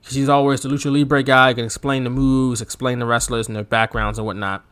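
A man's voice: mid-range voice, brisk, clean tone. A man co-hosting a casual wrestling podcast, telling stories with laughter and acted-out quotes. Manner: animated storyteller, laughs often, acts out quotes. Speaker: podcast co-host.

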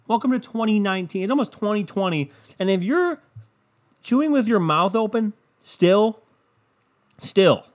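A man host delivering a profane, exasperated ranting monologue, repeating his points for emphasis and throwing crude insults. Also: on the high side.

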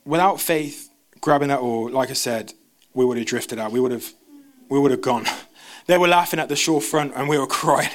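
A young man, preaching a sermon in a church service as an animated storyteller who jumps into quoted voices. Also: medium pitch, moderate pace.

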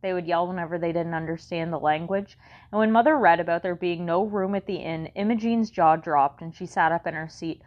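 A woman's voice: fairly low pitch, a little fast, lo-fi sound. A woman narrating a children's story in the first person with a wry, conversational manner. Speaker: audiobook narrator.

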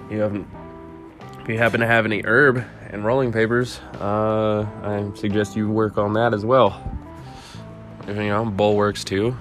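A man hosting a casual political podcast in a monotone voice, rambling with laid-back asides while reading an article aloud. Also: on the low side. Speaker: podcast host.

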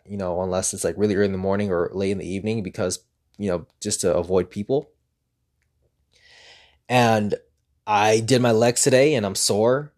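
A man's voice: fairly low pitch, darkish tone. A man talking earnestly in a casual motivational vlog, rambling and repeating himself as he pushes himself on. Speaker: vlogger.

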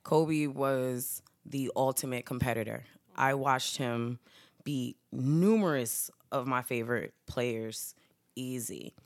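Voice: mid-range voice, slow pace, dry recording. A podcast co-host telling a story in casual group chat, rambling with plenty of "um" and "like". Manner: rambling storytelling with frequent fillers.

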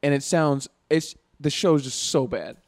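A man's voice: on the high side, lively intonation, a little slow, a little mellow, no echo, clean studio sound. A young man chatting casually among friends, loose and profane with lots of fillers. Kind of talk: casual chat.

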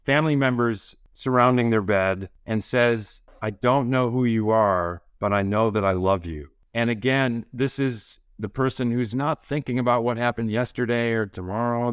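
A man, a physician guest on a podcast, explaining ideas in a calm, measured way. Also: fairly low pitch, clear, resonant tone, dry recording, clean studio sound. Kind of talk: conversational interview.

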